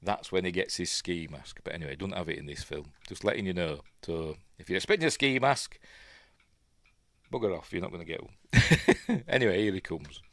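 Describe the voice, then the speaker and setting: Low-voiced Yorkshire man, rambling film chat. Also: expressive, a little fast, fairly bright tone, dry recording. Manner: rambling, self-deprecating and chatty. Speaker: film review host. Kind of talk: casual livestream commentary.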